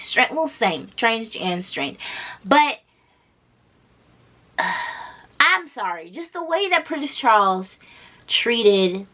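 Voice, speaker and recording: A woman's voice: fairly high pitch, sharp tone. A woman vlogger giving casual reaction commentary, blunt and emphatic, swearing freely and repeating her points.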